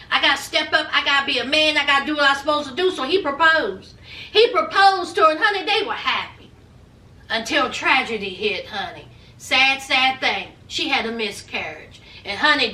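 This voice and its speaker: A high, bright-voiced woman recaps a reality show like gossip with a friend, sassy and chatty, tossing in honey and child. She sounds a bit away from the mic in an echoey room. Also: recorded from a distance. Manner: chatty gossipy storytelling with laughs. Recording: roomy echo, voice off-mic.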